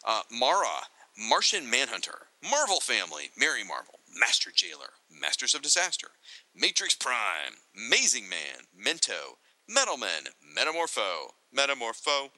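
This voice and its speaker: A man co-hosting a casual chat, reading entries aloud from a reference book and adding excitable, joking asides. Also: medium pitch, moderate pace, dry recording, low-quality recording. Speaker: podcast co-host.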